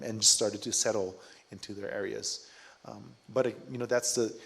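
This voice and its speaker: Lower-voiced man explaining on a panel. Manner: earnest, halting, with frequent restarts. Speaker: fiber artist and cultural advisor, panel speaker. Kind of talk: panel conversation.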